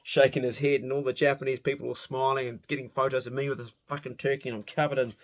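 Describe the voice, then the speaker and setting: A man's voice: medium pitch, level tone, quick pace. A middle-aged man telling a rowdy personal story in a casual spoken way, swearing freely and laughing at himself.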